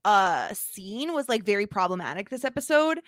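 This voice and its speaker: A woman co-hosting a TV recap podcast, chatting casually and retelling scenes in a quick, animated way. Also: mid-range voice, no echo. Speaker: podcast co-host.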